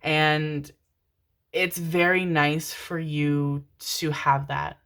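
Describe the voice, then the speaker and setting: A woman reading tarot cards for viewers, speaking gently and affectionately, calling them darlings and babies, with the odd casual swear. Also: sits low, steady tone, drawn-out words. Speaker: tarot card reader. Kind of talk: channeled pick-a-card tarot reading.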